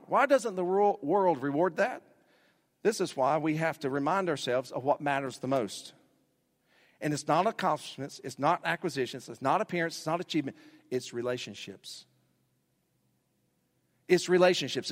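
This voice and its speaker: A male pastor delivering a sermon, building emphasis through repeated phrases. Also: a little high. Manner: preaching with rising emphasis and repetition. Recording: long hall reverb.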